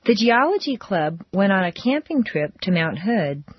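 A woman teaching English pronunciation, reading drill phrases slowly and deliberately with careful stress. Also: mid-range voice, big pitch swings, husky, no room sound, highs cut off.

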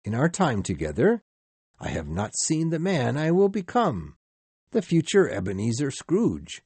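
A man's voice: medium pitch, wildly swooping pitch, a little slow, darkish tone, slightly rough, dry recording, pitched above the performer's own voice, heavily acted. A man reading a storybook and voicing a frightened old miser who begs and cries out. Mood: pleading. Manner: pleading, rising to anguished cries.

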